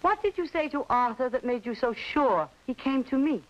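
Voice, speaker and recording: An actress playing a steady frontier woman who asks firm, probing questions. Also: high voice, moderate pace, muffled recording.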